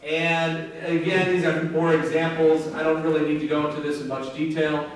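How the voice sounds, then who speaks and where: A man's voice: fairly high pitch, level tone, normal speed. A male university professor giving a classroom lecture to students in a casual, joking manner. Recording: echoey hall from far off with faint noise.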